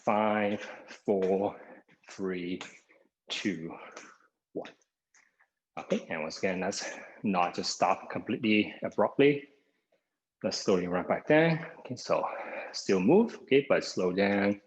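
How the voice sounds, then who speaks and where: Man, exercise instructor, lowish voice, a bit winded, "okay" before each cue, video call. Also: slow, lo-fi sound. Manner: begins most cues with "okay", counts down seconds. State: somewhat out of breath. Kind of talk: live online exercise class instruction. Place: home via video call. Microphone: video call microphone.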